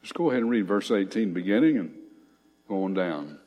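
A man's voice: low voice, expressive, fairly quick, a little mellow, long reverb tail, highs cut off. A man teaching a Bible study, reading scripture aloud and commenting on it with emphatic rising lines.

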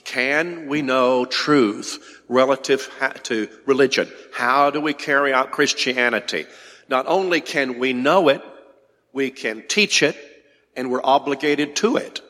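A man's voice: medium pitch, measured pace, bright, forceful tone. A male preacher delivers a sermon in an emphatic, insistent way, circling back to key words to drive them home. His voice sits in a middle register. It carries a long reverb, as if recorded in a large hall.

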